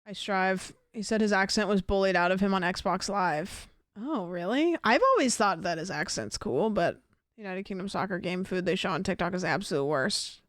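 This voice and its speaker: A woman's voice: mid-range voice, moderate pace, fairly bright tone, dry recording, clean studio sound. A woman streaming a game live, chatting casually, rambling and curious with lots of fillers and questions. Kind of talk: casual live-stream chat while gaming.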